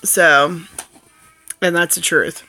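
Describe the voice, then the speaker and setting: A woman family vlogger in casual chat, talking in a rambling, excitable and jokey way. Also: fairly low pitch, slow pace, faint music behind.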